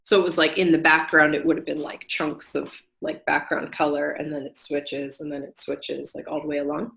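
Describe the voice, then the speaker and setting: A woman's voice: sits low, little pitch movement, moderate pace, gravelly, a bit bright. A woman co-hosting a podcast, chatting casually and rambling with many fillers. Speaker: podcast co-host. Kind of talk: casual chat about knitting.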